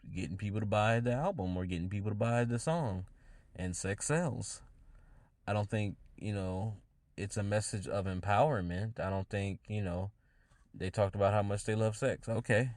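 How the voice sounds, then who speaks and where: A man's voice: on the low side, a little mellow, no echo. A podcast host, a man, giving his own views in casual solo talk, often restarting his phrases as he thinks them through. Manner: halting, restarts phrases often, musing aloud.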